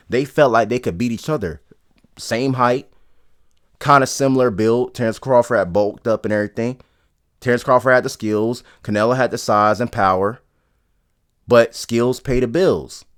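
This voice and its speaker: A man giving casual, opinionated boxing commentary, talking bluntly and rambling from point to point. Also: fairly low pitch.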